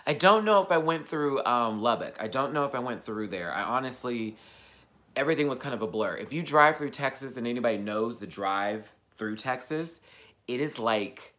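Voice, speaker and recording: A young man vlogging casually, telling an animated story and acting out his family's lines. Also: mid-range voice, moderate pace. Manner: animated, mimics family voices, laughs often.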